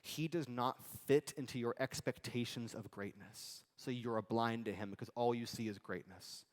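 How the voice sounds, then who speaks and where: A male pastor giving a sermon in a conversational, animated way with casual asides. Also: medium pitch, normal speed, in a large hall. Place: church sanctuary.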